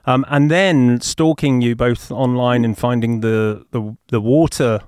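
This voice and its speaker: A man's voice: mid-range voice, fairly even intonation, unhurried, a little mellow, clean tone, no echo, studio quality. A man with an English accent hosting a podcast interview, chatty and jokey, often laughing. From England. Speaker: podcast host.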